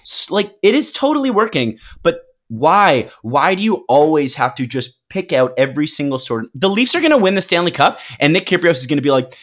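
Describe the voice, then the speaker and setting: A man's voice: a little high, very animated, a little fast, few pauses, fairly bright tone. A man co-hosting a casual sports podcast, venting in an exasperated, profane way and mimicking pundits. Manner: exasperated, profane, mock-quoting. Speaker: podcast co-host. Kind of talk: casual chat.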